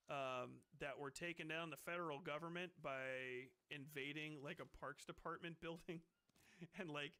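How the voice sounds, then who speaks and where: A male streamer reads a book aloud in a voice pitched a little above the usual, breaking off into rambling, swearing rants. His talk is loose and casual, with restarts and laughing asides. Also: pushed and bright, clean tone. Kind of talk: casual profane commentary on a book.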